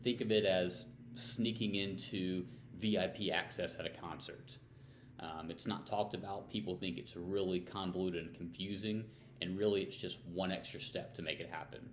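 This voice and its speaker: A man with a low, deep voice talks through money matters in a relaxed, conversational way, posing questions and then answering them. He sounds like a financial advisor doing his weekly tip video. The sound is roomy and echoey, with a faint hiss behind him. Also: normal speed. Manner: conversational, plain-spoken, asks and answers his own questions. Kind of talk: casual explainer talking to camera.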